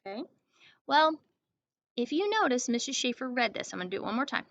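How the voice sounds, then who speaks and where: A woman teacher giving a grammar lesson to young children, speaking slowly and clearly and checking in with "okay?". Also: high voice, very animated, a bit bright. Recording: dull lo-fi recording.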